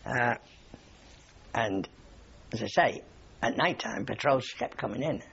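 A man's voice: medium pitch, a little slow, vocal fry, a bit bright, breathy edge, lo-fi sound. An older man, a war veteran, telling rambling anecdotes in an oral history interview and chuckling often.

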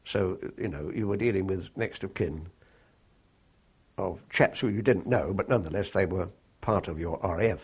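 An older man recalling his wartime service in a halting, reflective way, with frequent fillers and restarts. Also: deep voice, darkish tone, slightly rough, muffled recording. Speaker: interviewee. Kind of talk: oral history recollection.

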